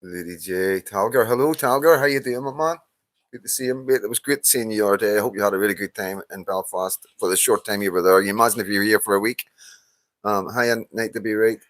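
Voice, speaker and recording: A Northern Irish man in his fifties hosts a casual live stream, sounding tired as he chats, laughs and swears. His voice sits fairly low. The sound is close and dry, with no room echo. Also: fairly bright tone. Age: 50s. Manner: chatty, swears, laughs often, reads out names. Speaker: livestream host. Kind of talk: casual live-stream chat greeting viewers.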